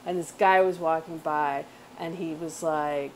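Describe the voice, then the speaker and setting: A woman's voice: low-pitched, steady tone, unhurried, slight background noise. A woman hosting a script read stream in casual chat. She is chatty, laughs often and drifts into rambling asides.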